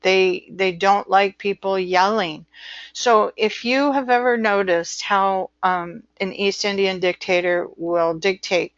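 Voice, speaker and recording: A woman's voice: mid-range voice, steady tone, takes it slowly, no room sound. Chatty woman lecturing, dull dry sound. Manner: chatty, digressive, acts out quoted voices. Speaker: medical transcription instructor. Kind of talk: informal lecture.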